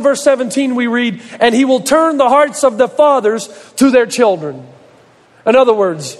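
High-voiced preaching man in a reverberant hall. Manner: emphatic preaching with long repeated lists. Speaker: pastor. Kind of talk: sermon.

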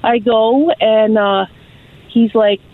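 A woman's voice: fairly high pitch, takes it slowly, no room sound. Female caller on a phone line. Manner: lively, chatty storyteller who acts out quotes. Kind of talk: call-in storytelling. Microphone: telephone.

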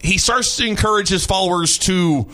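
A man hosting a talk radio show, telling a strange story in an animated, mocking way and often repeating his words. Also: sits high, normal speed. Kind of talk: casual storytelling chat.

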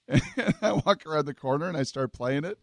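A man's voice: on the high side, brisk, no echo, clean studio sound. A man in his forties bantering on a radio talk show, teasing and playful.

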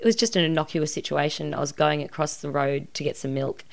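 A woman's voice: sits low, fast, creaky. An Australian woman in her forties, a guest telling a personal story openly and reflectively in a podcast interview. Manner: earnest and reflective, recounting emotional events openly. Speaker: guest, actress.

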